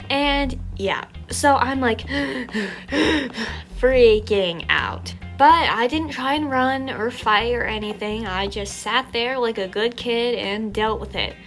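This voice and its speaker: A young adult woman telling a story from her childhood in an animated, chatty, self-mocking way, while still a little sick. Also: fairly high pitch. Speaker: storytime vlogger. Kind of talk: casual storytelling.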